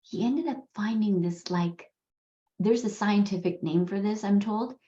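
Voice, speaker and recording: A woman's voice: medium pitch, unhurried, mellow. A woman in her forties hosting a podcast, telling a personal story in a candid, earnest way with casual swearing. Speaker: podcast host. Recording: slightly dull, roomy recording.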